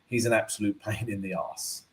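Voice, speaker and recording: A man with a lowish, steady voice hosts a live forex analysis stream at a normal speed. He's chatty and tags most of his points with "right?"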